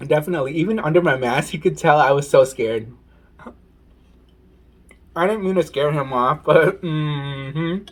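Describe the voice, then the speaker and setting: A man vlogging while eating, telling a story in a casual, animated way and saying "y'all". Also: mid-range voice, normal speed, long pauses, breathy edge. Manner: animated, says "y'all" and "oh my goodness". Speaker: mukbang vlogger.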